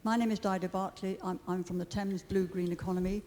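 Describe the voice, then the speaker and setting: A woman's voice: mid-range voice, steady tone, fairly quick, a little mellow, big-room sound, a little hiss or hum. A middle-aged woman campaigner addressing a committee, earnest and hesitant with frequent ums. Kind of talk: public statement. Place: large meeting chamber.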